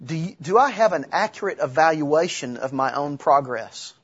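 Husky-voiced male preacher. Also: on the high side, animated, normal speed, muffled recording. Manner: conversational preaching with humor and rhetorical questions. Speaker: pastor. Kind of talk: sermon.

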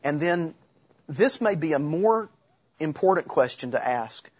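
Husky-voiced male preacher. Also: a little high, expressive, unhurried, a little mellow, highs cut off. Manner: conversational preaching with humor and rhetorical questions. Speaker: pastor. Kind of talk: sermon.

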